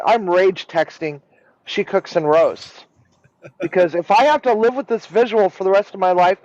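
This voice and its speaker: Man, high voice, casual storytelling, animated, rambling, dry lo-fi recording. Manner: rambling, animated, swears freely. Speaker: live-stream regular. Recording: dull lo-fi sound.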